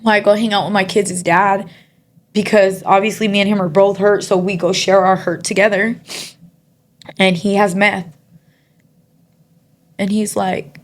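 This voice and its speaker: A woman guest giving a personal testimony in casual conversation, soft-spoken and halting, with frequent pauses and fillers. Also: mid-range voice. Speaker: interview guest.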